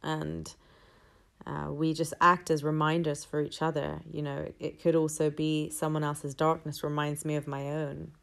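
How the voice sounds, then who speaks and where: A woman's voice: sits low, level tone, normal speed, creaky. A woman telling a personal story in a candid, rambling, reflective way.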